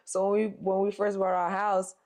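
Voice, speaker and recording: A young woman co-hosting a casual podcast, telling a story with lots of swearing and acting out the people she quotes. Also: normal speed. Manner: animated storyteller, acts out quotes in a higher voice, swears freely. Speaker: podcast co-host.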